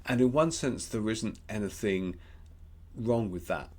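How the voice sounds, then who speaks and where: A man with an Australian accent giving a gentle, reflective Lenten devotional, pausing often with ums. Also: fairly low pitch, animated. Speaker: preacher.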